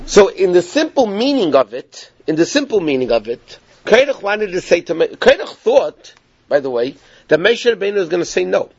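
A man teaching a Torah class, telling the story in a lively, animated way, with frequent restarts. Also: sits high, a little fast, no room sound, highs cut off.

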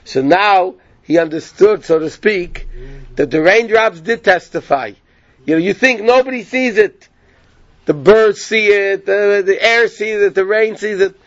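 A man's voice: high voice, unhurried, fairly bright tone, no room sound, lo-fi sound. A man teaching a Torah class, retelling a rabbinic story in a conversational way and checking in with his listeners. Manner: conversational, asks "yeah?" of listeners.

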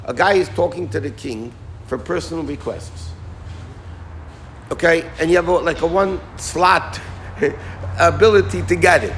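A man giving an informal Torah talk as a rabbi, animated and folksy, sprinkling in Yiddish and Hebrew terms. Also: sits high, a little hiss or hum.

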